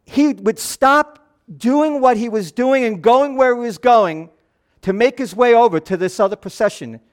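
A middle-aged man preaching a sermon as a pastor, moving between soft, hushed passages and raised, animated ones. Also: very high-pitched, unhurried, smooth.

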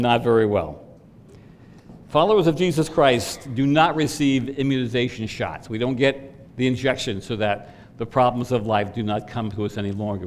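A man's voice: mid-range voice, slight background noise. Earnest man preaching in a reverberant hall. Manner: earnest, rising emphasis on questions to the congregation. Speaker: pastor. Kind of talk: sermon. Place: church sanctuary. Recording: long reverb from a church hall.

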